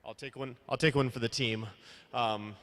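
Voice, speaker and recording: A man's voice: mid-range voice, fairly even intonation, normal speed, noisy background. A man from Minnesota tells an earnest story to a conference audience, acting out the dialogue. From Minnesota, United States. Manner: earnest, acts out quoted dialogue. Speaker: wine blogger telling a story. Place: conference hall. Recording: echoey conference hall.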